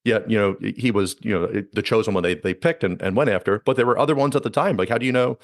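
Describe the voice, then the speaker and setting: A man hosting a podcast, chatting casually in a fast, rambling way with lots of restarts. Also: mid-range voice, no room sound, studio quality. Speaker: podcast host. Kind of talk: casual conversational chat.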